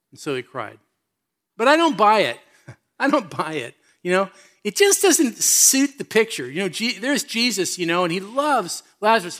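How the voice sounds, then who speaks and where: A man's voice: high-pitched, a bit bright. A man preaching a sermon as pastor, reading scripture and speaking earnestly with questions to his listeners.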